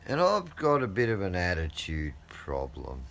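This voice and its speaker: Middle-aged aussie guy, lowish voice, rambling sweary story, laughs at himself. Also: huge pitch swings, normal speed, vocal fry, a bit bright. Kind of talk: casual anecdote.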